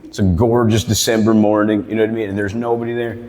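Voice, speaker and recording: A man's voice: on the low side, flat delivery, quick pace, a little mellow. A man telling a stand-up story in a barbershop, rambling and profane. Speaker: stand-up comedian. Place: barbershop comedy show. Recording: long reverb of a live room.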